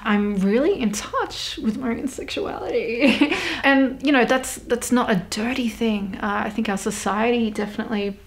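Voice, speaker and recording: A woman's voice: fairly high pitch, moderate pace. A young Australian woman hosting her own podcast, talking candidly and swearing casually, with frequent laughter. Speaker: podcast host. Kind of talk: casual solo podcast chat.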